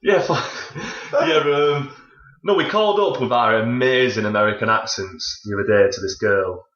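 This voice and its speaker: A man's voice: mid-range voice, normal speed, a bit bright. A man in his twenties co-hosting a podcast, chatting casually, rambling and swearing a lot. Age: 20s. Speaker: podcast co-host. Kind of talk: casual chat. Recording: dull, roomy home recording.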